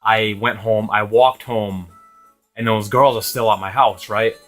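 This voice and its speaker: Chatting casually over gameplay, this young Rhode Island gaming host rambles through a long story full of profanity and frequent laughter. He speaks at a measured pace in a lowish, slightly bright voice with fairly even intonation, and faint music sits behind him.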